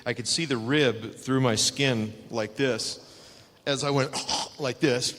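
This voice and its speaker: An older man, a retired wrestler, telling animated stories as a guest at a live fan Q&A and acting out the quotes. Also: mid-range voice, takes it slowly, big-room sound. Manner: animated anecdotes with acted-out quotes.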